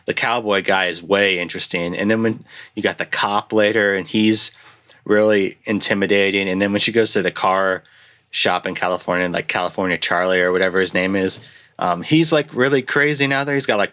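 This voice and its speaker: A young man hosting a casual film review, rambling and restarting often, with lively jumps into quoted lines. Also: deep voice, moderate pace. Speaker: podcast host reviewing films. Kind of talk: casual chat.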